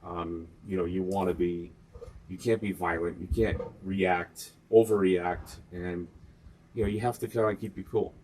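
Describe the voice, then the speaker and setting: A middle-aged man, a guest on a podcast, talking in a measured, hesitant way with frequent "uh" and "um". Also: low-pitched, fairly even intonation, a little mellow, slight background noise. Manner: measured, hesitant, many uhs and ums. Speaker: guest, host's partner. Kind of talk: casual conversation.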